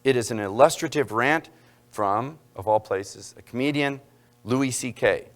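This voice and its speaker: A man's voice: medium pitch, measured pace. A man giving a public university lecture, breaking off for joking asides to the audience in the hall.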